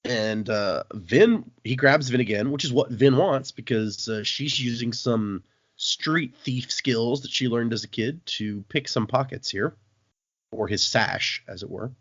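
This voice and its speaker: A man's voice: medium pitch, unhurried, breathy edge, dry recording. A man hosting a podcast, casually recapping a book and acting out the quotes. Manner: animated storytelling, acts out quotes. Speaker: podcast host. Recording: dull, dry lo-fi podcast audio.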